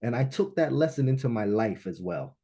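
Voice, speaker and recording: A man speaking to a live audience at a business launch event, telling a personal story in an animated way and often checking in with "right?". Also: medium pitch, brisk, breathy edge.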